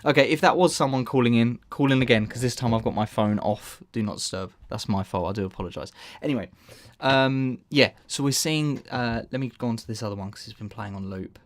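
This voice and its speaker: A man's voice: medium pitch, brisk, hardly any pauses, no echo. A man hosting a casual live stream, rambling and breaking off mid-sentence with frequent laughs. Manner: rambling, self-interrupting, laughs often.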